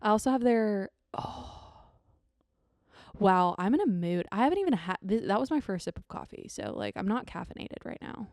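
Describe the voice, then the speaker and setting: A woman's voice: mid-range voice, sing-song, normal speed, darkish tone, dry recording. A young woman hosting her own podcast in a bubbly, rambling, easily sidetracked chat. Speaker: podcast host. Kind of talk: casual solo podcast chat.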